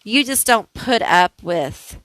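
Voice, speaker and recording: Woman tarot reader, casual and unhurried, talks it through with lots of "like"s, dry recording. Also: mid-range voice, expressive, a bit bright, no room sound, low-quality recording. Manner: slow, thinking aloud, chatty with many "like"s. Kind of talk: casual pick-a-card tarot reading.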